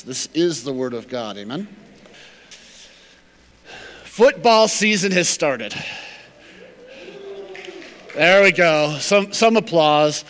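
A man preaching a sermon as pastor, telling a story with animated, acted-out quotes. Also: high-pitched, slow pace, pauses often, long reverb tail.

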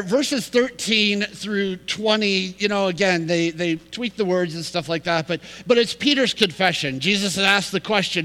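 A man's voice: sits high, sharp tone, in a large hall, low-quality recording. A man preaching a sermon as pastor, telling a story, reading scripture and building emphasis as he explains it.

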